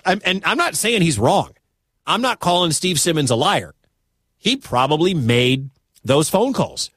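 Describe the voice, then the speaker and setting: Man, midwestern american, sports radio host, lively pitch, dry studio sound. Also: breathy edge, no echo. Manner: animated, incredulous, conversational.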